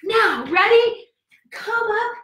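Upbeat high-voiced woman leading kids yoga. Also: lively intonation, slow, sharp tone. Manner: upbeat, coaxing, counts aloud and cheers. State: a little out of breath. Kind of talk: guided kids yoga class. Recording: echoey room, voice from far off.

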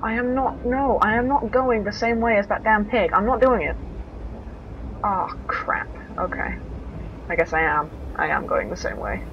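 A woman's voice: medium pitch, moderate pace, highs cut off, a little hiss or hum. A young woman giving let's play commentary on a horror game, talking to herself, swearing and exclaiming when startled.

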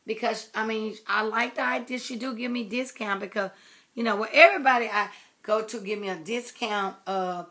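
A woman chatting casually to her viewers about her baby doll in a rambling, affectionate way, often dropping to soft murmurs as she works. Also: a little high, normal speed. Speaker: doll collector vlogger. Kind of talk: casual chat to camera.

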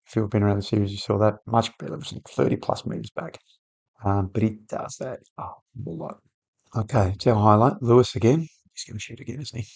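A man hosting a football management game video, chatting casually and getting worked up at the match on screen. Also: on the low side. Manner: excitable, shouts at players on screen. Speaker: gaming channel host. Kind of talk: casual gameplay commentary.

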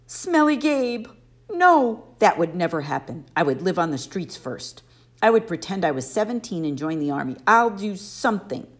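Woman, audiobook narrator, expressive storytelling, lowish voice. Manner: expressive first-person storytelling. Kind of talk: audiobook reading.

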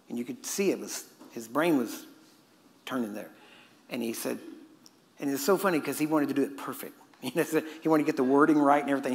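Guy preaching, chatty story style, laughs at himself, bit of rasp, long echo in the hall. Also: medium pitch, fast talker. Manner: conversational, laughs at his own asides. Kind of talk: storytelling sermon. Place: church hall. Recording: echoey hall with faint ambience.

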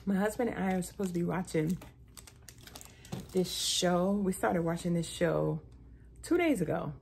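Chatty woman with a gravelly voice. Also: moderate pace, a little hiss or hum. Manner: chatty, keeps saying "y'all", pitch jumps high when excited. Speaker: vlogger. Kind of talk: casual haul vlog.

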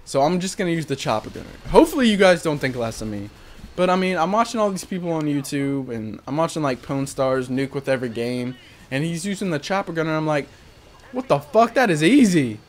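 A man's voice: on the high side, lively intonation, fast talker, slight background noise. A young adult man giving casual voice-over commentary on his own gameplay, candid, profane and joking at his own expense. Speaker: gaming commentator.

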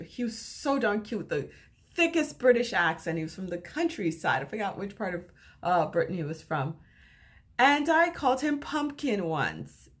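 A middle-aged woman, a relationship advice coach, talking casually to camera as an animated storyteller. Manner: animated storyteller with lively pitch swings.

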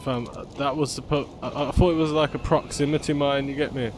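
A man with doing excitable gameplay commentary, yelling and cursing at other players. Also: medium pitch, fairly quick, background noise. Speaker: gaming YouTuber. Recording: game music playing underneath.

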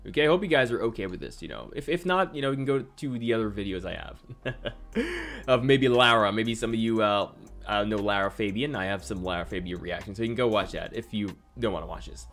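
A man from the Caribbean hosting a reaction channel, talking in a casual, excitable and apologetic way, often stammering and repeating himself. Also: fairly low pitch, fast talker, faint music behind. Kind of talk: casual music reaction commentary.

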